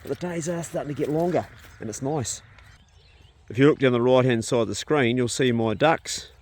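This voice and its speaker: A man's voice: mid-range voice, moderate pace, darkish tone. A man homesteading outdoors on his farm, chatting casually as he gardens and talks to his sheep and dogs. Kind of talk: casual outdoor vlog commentary. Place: outdoors on a rural farm paddock. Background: sheep and dogs nearby.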